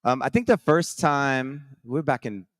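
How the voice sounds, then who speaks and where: A man's voice: medium pitch, moderate pace, dry recording, studio quality. A man hosting a live show on a conference stage, telling stories in an upbeat, chatty, rambling way with many restarts. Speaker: host.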